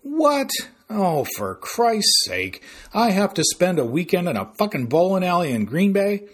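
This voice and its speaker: A man's voice: high-pitched, big pitch swings, a little slow, slightly rough, voice pushed up, full character voice. A man voicing a sarcastic seventeen-year-old boy who grumbles about his plans. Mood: outraged.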